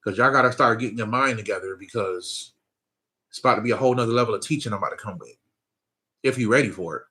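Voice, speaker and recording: Slightly low-pitched, quick and sharp in tone, this man gives a loose spiritual talk to his viewers. He preaches conversationally, laughing frequently, saying "you know what I'm saying," and often asking if they're following.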